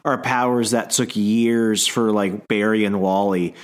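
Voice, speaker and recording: A man co-hosting a casual podcast about comics, speaking in a low-key, hesitant way. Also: steady tone, a little slow. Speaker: podcast co-host. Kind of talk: casual chat.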